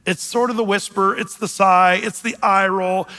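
A man delivers a chatty sermon from the pulpit, breaking into a low, soft muttering whenever he acts out grumbling. His voice is high and bright with a gravelly edge. A long church-hall reverb trails behind every phrase. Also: fairly even intonation, normal speed. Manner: conversational preaching, dips low and soft to mimic grumbling. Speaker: pastor. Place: church sanctuary.

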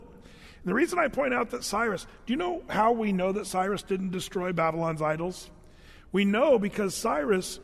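A man with a high voice preaches in a relaxed, chatty way, with filler words and jokes. His voice rings out with the long reverb of a large hall. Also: vocal fry. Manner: casual, conversational, humorous storytelling; frequent fillers and restarts. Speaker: pastor. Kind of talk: sermon.

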